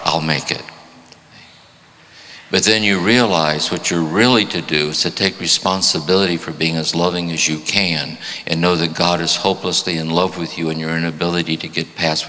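A man's voice: low-pitched, pushed and bright, a little hiss or hum. A man in his seventies giving a reflective spiritual talk, often repeating phrases for emphasis. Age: 70s. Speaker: spiritual teacher. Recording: long hall reverb.

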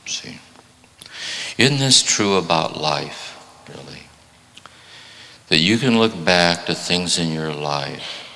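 A spiritual teacher in his seventies gives a reflective talk, frequently repeating phrases for emphasis. His deep voice is creaky and sharp, carried on a long hall reverb.

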